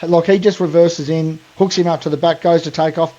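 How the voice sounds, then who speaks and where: A man's voice: on the high side, steady tone, a little fast, mellow, dull audio. An Australian man hosting a podcast, telling a long story in a rambling, slangy way full of fillers. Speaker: podcast host. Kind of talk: casual storytelling.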